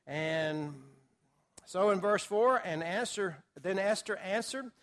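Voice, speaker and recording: A man's voice: high-pitched, slow pace, fairly bright tone. A man teaching a Bible study class to a group, talking casually with filler words and acting out quotes. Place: classroom or church hall with a group.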